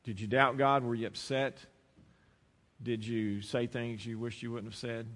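A male pastor preaching a sermon who swings between loud, emphatic declarations and quiet, intimate storytelling. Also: mid-range voice, level tone, a little slow. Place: church sanctuary. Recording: long reverb of a large hall.

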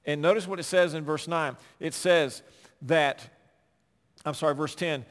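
A man pastor delivers a sermon in a voice a little higher than most men's. He builds to loud, emphatic declarations, then drops to hushed, conversational storytelling. The sound rings out with the long reverb of a large hall. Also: moderate pace. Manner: preaching with swings from loud emphasis to quiet asides.

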